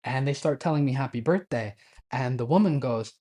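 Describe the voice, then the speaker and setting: Warm and mid-range, his voice moves a little fast. He's a man in his twenties spinning a casual travel tale, laughing frequently and acting out the Japanese lines he quotes.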